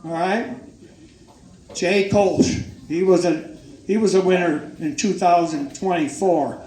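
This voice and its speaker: With a warm, high-pitched voice and a slow pace, an older man casually presents banquet awards. Folksy and joking, he gives each winner emphatic praise, and the recording is echoey, with a crowd and background noise in the banquet hall.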